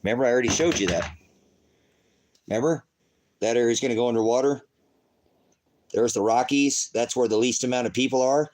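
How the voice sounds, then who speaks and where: A man's voice: medium pitch, fairly quick, long pauses, a little mellow, low-quality recording. A middle-aged man preaching in casual livestream commentary, rambling, firing off rhetorical questions and breaking into profane outbursts. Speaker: online preacher.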